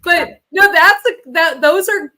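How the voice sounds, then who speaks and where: Very high-pitched, pushed, and bright, a woman speaks slowly as she co-hosts a casual podcast chat. She spins stories and breaks into laughter often.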